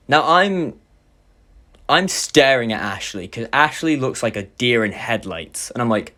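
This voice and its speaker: A man's voice: medium pitch, normal speed. A young man animatedly retelling a personal story, swearing a lot and filling with "like". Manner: animated retelling, heavy swearing, many fillers. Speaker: YouTuber. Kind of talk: storytime vlog.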